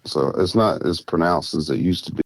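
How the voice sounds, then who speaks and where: A tired turkey hunter from South Carolina, USA, joins a podcast as a guest over a remote line, chatting loosely and laughing easily. He has a mild Southern accent and a deep voice, and he speaks briskly with no echo.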